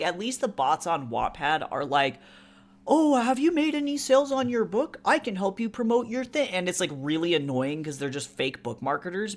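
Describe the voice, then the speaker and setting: A streamer and artist chatting casually on a live stream while drawing, rambling with many fillers and asides, reading chat aloud and jumping to higher, louder bursts when joking.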